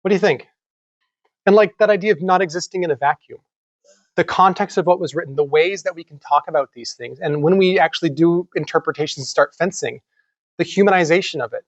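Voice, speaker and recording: A man giving a conference lecture in an animated, conversational way, with some casual swearing. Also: a little high, fairly quick, no echo, muffled recording. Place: lecture room.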